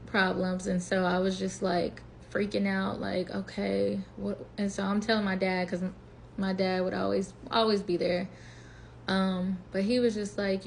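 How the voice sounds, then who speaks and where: This vlogger, a woman in her 20s, talks at a medium pitch over a faint hiss or hum. Chatty and animated, she retells something that happened to her, voicing her inner thoughts and her own words as quotes.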